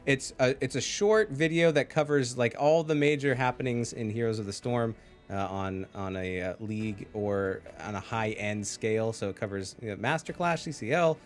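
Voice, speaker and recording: A man's voice: mid-range voice, normal speed, faint music behind. A man casting an esports match live, chatty, laughing often and thanking his chat. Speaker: esports caster. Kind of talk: casual live stream commentary.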